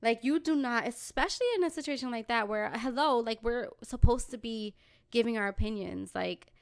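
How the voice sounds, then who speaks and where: A young woman co-hosts a casual podcast, sassy and emphatic, laughing and swearing as she talks. Her voice sits a little high. The recording is dry and close, with no room echo. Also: brisk, clear, resonant tone. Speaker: podcast co-host. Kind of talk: casual chat.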